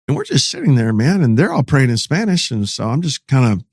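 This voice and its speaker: A man's voice: mid-range voice, wildly swooping pitch, brisk, a little mellow, breathy edge, no echo, studio quality. A middle-aged man, a pastor, telling a story in casual, slangy podcast talk.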